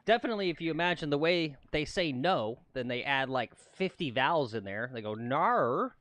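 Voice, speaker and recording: A man's voice: fairly high pitch, brisk, a bit bright, dry recording. A man co-hosting a golf livestream outdoors on the course, chatting casually and laughing often.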